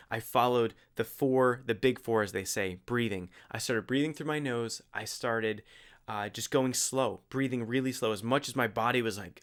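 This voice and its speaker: A young adult man telling a personal story in casual, animated speech, full of fillers and restarts. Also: mid-range voice, clear, resonant tone. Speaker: host.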